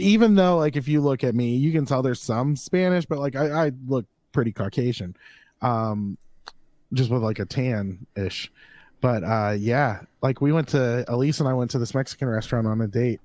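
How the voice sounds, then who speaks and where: A man's voice: medium pitch, a little mellow, dry recording. A man co-hosting a podcast in casual chat, joking and laughing as he rambles. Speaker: podcast co-host.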